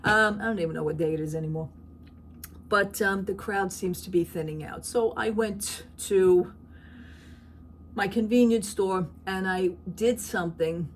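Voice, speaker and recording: A woman's voice: lowish voice, darkish tone, slight background noise. A middle-aged woman chatting in a rambling, talkative way for her vlog, laughing at her own stories. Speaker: vlogger. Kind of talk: casual chat.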